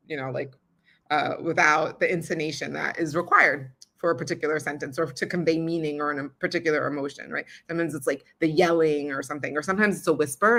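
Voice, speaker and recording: A woman's voice: lowish voice, sharp tone. A young woman hosting a podcast, giving a casual how-to talk on recording audiobooks in a chatty, filler-heavy way and laughing often.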